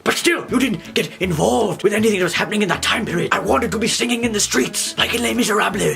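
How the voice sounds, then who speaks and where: Young British guy, comic game reviewer, fairly high gravelly voice, lots of tangents and snatches of song. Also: quick pace, fairly bright tone, faint music behind. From England. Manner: rambling, sweary, breaks into song and tangents. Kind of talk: comedic video game review.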